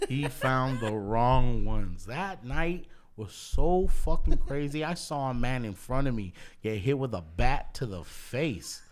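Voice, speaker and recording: A man's voice: medium pitch, takes it slowly, hardly any pauses. Profane laughing man storyteller. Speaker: podcast host. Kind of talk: casual storytelling.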